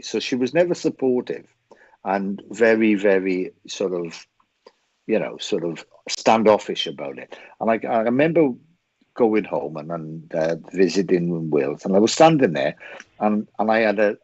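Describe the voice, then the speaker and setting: A man, a medium on a chat show, telling a story in earnest and stumbling over repeated words as he finds his thread. His voice is fairly low and husky. The recording sounds dull and a bit muffled. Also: darkish tone. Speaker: psychic medium guest.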